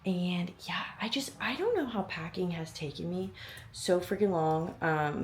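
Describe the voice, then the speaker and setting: A woman's voice: on the low side, normal speed, background noise. A young woman talking casually to her viewers in an upbeat, chatty vlog voice, with lots of fillers. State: out of breath after training. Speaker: fitness vlogger. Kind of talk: casual vlog talk to camera. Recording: background music.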